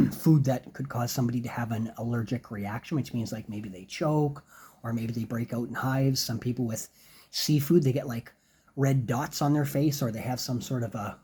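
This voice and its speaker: A man teaching casual business English in a relaxed spoken lesson, explaining each phrase and then saying it slowly as an example. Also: mid-range voice, breathy edge.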